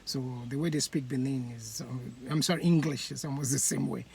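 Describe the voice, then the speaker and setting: A host from Edo State in Nigeria, speaking, giving a laughing commentary monologue with comic examples and halting fillers. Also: medium pitch, vocal fry. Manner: animated, laughing, acts out voices.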